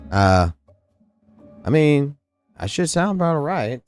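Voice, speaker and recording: A man's voice: a little high, slow, clean tone, soft background music. A man live-streaming a game and chatting casually with viewers, talking loosely and swearing often. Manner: casual, profane, excitable. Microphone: studio mic through a mixing station.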